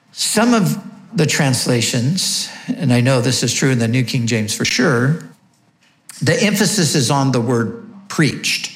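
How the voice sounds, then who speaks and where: A man's voice: mid-range voice, roomy sound. A man preaching a sermon, teaching emphatically and asking rhetorical questions. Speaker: pastor.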